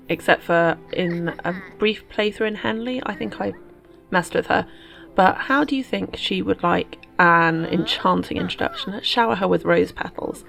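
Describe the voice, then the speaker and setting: A woman's voice: on the low side, vocal fry. A woman, a host chatting playfully through casual game commentary. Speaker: let's play host.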